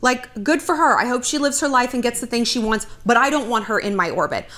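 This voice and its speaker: A woman's voice: fairly high pitch, animated, a little fast, fairly bright tone. A woman in her thirties hosting a vlog, telling a personal story to the camera in a blunt, profane way with dry sarcasm. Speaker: vlog host.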